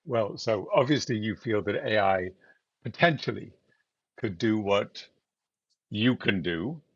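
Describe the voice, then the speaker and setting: A man hosting an interview, asking questions in measured, brief prompts. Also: fairly low pitch, expressive, breathy edge. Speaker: interview host. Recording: dry, dull lo-fi mic.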